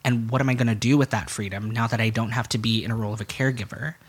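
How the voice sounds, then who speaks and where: A man's voice: mid-range voice, steady tone, very fast, slightly rough. A young man telling a personal story as a podcast guest, speaking frankly, swearing freely and acting out what other people said. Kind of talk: candid conversational storytelling.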